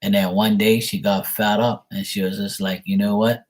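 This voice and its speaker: A man's voice: fairly low pitch, little pitch movement, moderate pace. A man talking casually and bluntly, swearing freely and repeating himself as he vents about a family matter. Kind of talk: casual venting monologue.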